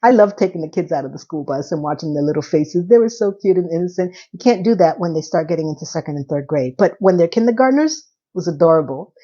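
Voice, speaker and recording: A middle-aged woman, recapping a TV episode as a casual host. She is candid and animated and swears freely. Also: fairly low pitch, quick pace, hardly any pauses, breathy edge. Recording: dull lo-fi sound.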